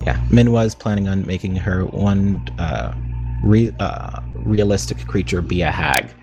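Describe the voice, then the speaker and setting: Male player, lowish voice, eager and rambling, faint music underneath. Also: unhurried, darkish tone. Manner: eager, rambling, describes his character's plans. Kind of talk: playing a tabletop game.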